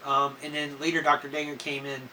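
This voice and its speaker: A man in a personal video diary, talking haltingly with many fillers and clearing his throat and coughing now and then. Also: on the high side, monotone, bright, forceful tone. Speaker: vlogger. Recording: slightly distant mic with faint noise.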